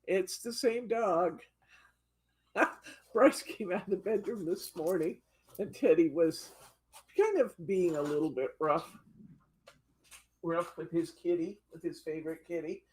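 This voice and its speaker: A woman teaches a live-streamed card-crafting class, chatty and giggly as she tells stories between steps. Her voice is low and husky. She talks at an unhurried, slow pace. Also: a little mellow.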